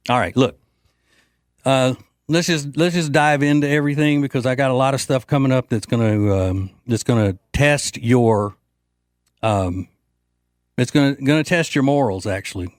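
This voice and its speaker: This man's voice is mid-range and darkish, captured without room sound. As host of a political talk show, he rambles through a brash, jokey monologue into a studio microphone, using fillers often.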